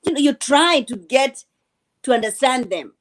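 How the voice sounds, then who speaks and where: A woman's voice: sits high, expressive, normal speed. A woman from Kenya with a Kenyan accent, chatting casually on a panel and repeating words as she restarts her sentences. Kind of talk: casual chat.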